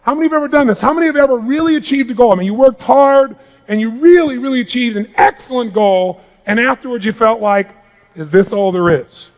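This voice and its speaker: Speaking fast to a big crowd in a hall, a middle-aged motivational speaker delivers a live seminar talk. His voice booms with energy, swinging between hushed asides and outright shouting.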